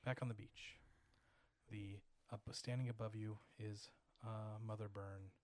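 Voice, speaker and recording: A man's voice: lowish voice, flat delivery, measured pace, darkish tone. A man running a tabletop horror game as game master, narrating scenes with frequent stumbles and repeated words.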